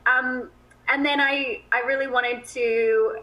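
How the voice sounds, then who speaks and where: A woman talking as an actress guest in a TV interview, chatty and quick to laugh. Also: sits high, steady tone, bright, forceful tone, poor audio. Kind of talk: TV interview chat.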